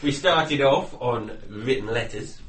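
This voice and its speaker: A man's voice: mid-range voice, measured pace, reverberant, a crowd in the background. A man with an Essex English accent on a podcast, making dry wisecracks. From England. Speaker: podcast co-host. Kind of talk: casual podcast banter.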